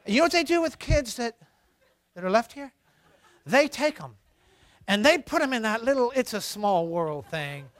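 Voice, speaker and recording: A middle-aged man giving a humorous sermon on parenting, animated and acting out scolding parents for laughs. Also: extremely high pitch, normal speed, pauses often.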